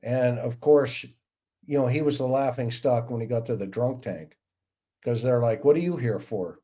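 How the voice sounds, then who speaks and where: A man's voice: mid-range voice, moderate pace. Middle-aged man telling police stories. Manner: animated anecdotes with acted-out voices. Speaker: podcast host, retired police officer. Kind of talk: casual livestream storytelling.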